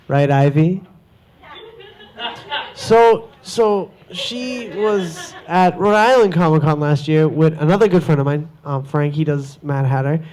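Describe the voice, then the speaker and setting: A high-pitched man speaks to a convention panel audience. He tells his stories with animated energy and slips into quoted voices along the way. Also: measured pace. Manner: lively, jumps into quoted voices. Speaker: cosplayer panelist.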